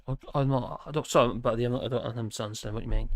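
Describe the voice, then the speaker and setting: A man's voice: mid-range voice, fairly even intonation, fast talker, dry recording, clean studio sound. A man hosting a casual livestream, reading viewer comments aloud and rambling with many fillers and restarts. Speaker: livestream host.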